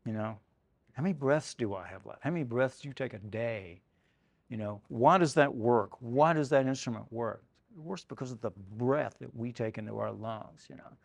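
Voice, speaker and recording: A man's voice: medium pitch, moderate pace, gravelly, dry recording. Easygoing older man giving a sax clinic. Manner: loose, conversational, many "you know"s and "man"s. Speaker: saxophone clinician. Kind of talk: casual spoken workshop talk. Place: music shop event space.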